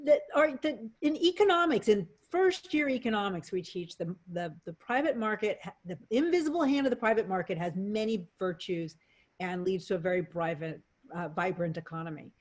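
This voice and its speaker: A woman economist answers as a guest on a video call, laying out her points step by step. She speaks in a clear, lecturing way at a medium pitch. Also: expressive, normal speed. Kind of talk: explanatory interview answers.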